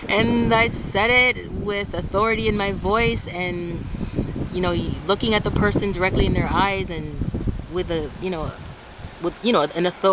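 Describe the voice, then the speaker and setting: A woman from Ecuador vlogging casually outdoors in the rain and wind, rambling and restarting her sentences. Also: mid-range voice. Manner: rambling, restarts often, animated when quoting others. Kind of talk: casual talk to camera. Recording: faint outdoor traffic noise.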